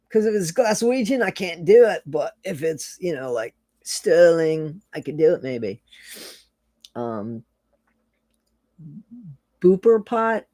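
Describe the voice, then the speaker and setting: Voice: medium pitch, big pitch swings, slow, pauses often, mellow, no room sound, studio quality. A person hosting a casual livestream, chatting loosely and reading viewer comments aloud, repeating phrases and laughing often. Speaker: livestream host.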